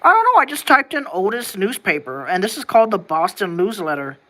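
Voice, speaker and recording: This American vlogger talks casually to camera at a brisk clip, the medium-pitched voice bright, sharp-edged, and full of big pitch swings. Thoughts ramble and restart as questions pile up, with some casual swearing along the way.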